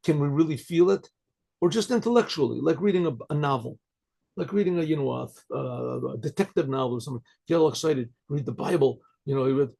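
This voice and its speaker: An older male rabbi teaches Torah in a gravelly, husky voice pitched a little high. He moves between Hebrew phrases and their English meaning, restarts often and keeps checking in with his listeners. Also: expressive, fairly quick, mellow. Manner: translates Hebrew phrases into English, many restarts and rhetorical "right?". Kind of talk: Torah lecture.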